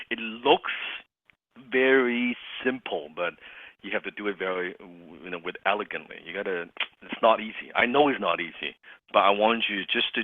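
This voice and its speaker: A man's voice: lowish voice, no room sound. A man coaching salespeople on a call, acting out sighs and bits of dialogue as he explains. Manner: animated, acts out sighs and dialogue. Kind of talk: coaching call with role-play examples. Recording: phone-like call audio.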